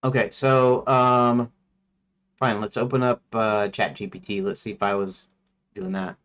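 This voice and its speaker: Man, fairly low voice, casual dev stream, thinking aloud, rambling, talks to himself. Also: little pitch movement, unhurried, fairly bright tone. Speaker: indie game developer livestreaming.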